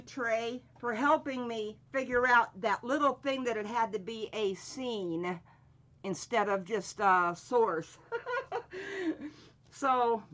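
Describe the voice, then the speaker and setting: Slow, chatty woman painting on a livestream. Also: a little high, a bit bright. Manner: chatty, greets viewers by name while working; slow, drawn-out speech with frequent fillers. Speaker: craft channel host. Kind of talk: live-stream painting tutorial chat.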